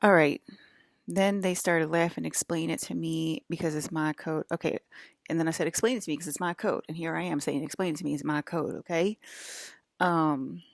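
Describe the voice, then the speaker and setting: A woman with a Southern US accent talks to camera in a loose, rambling vlog. Her voice sits low, and she swears and wanders into paranoid tangents. The sound is dry and close, with no room around it. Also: fairly even intonation, normal speed, gravelly, no echo. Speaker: vlogger.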